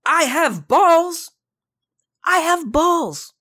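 A man's voice: very high-pitched, animated, very slow, pushed and bright, pitched above the performer's own voice, full character voice. A man voicing a furious middle-aged woman teacher with a heavy accent, shrieking in outrage at the class. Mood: proud shouting. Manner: shrieking, indignant.

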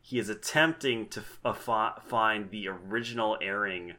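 A man's voice: on the low side, moderate pace, sharp tone. A man hosting a podcast in casual chat, rambling and self-deprecating with restarts. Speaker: podcast host.

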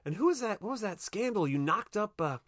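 A man voicing a boisterous, tactless middle-aged father in a loud, brash voice. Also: high-pitched, big pitch swings, brisk, no room sound, studio quality, pitched above the performer's own voice, heavily acted.

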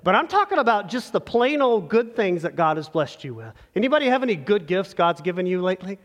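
High-voiced male pastor preaching in reverb. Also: sing-song, a little fast. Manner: earnest, conversational preaching with direct address. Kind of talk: sermon. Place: church sanctuary. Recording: long church reverb.

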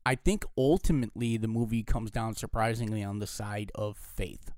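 A man co-hosting a podcast, talking through a film in a hushed, thoughtful, opinionated way. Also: lowish voice, fairly even intonation, normal speed, no echo. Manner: speaking quietly, holding back his voice. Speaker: podcast co-host. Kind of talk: casual film discussion.

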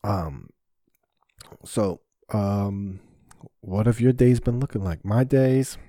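Low, dark-voiced man rambling candidly. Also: slow, no echo, clean studio sound. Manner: rambling, profane, candid, with frequent fillers. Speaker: podcast host and stand-up comedian. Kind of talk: casual solo podcast monologue. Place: small home basement studio office.

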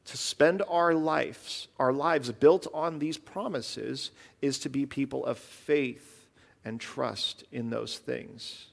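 A man's voice: medium pitch, takes it slowly, vocal fry. A man pastor giving an earnest, conversational sermon in a church. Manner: earnest, conversational preaching with fillers.

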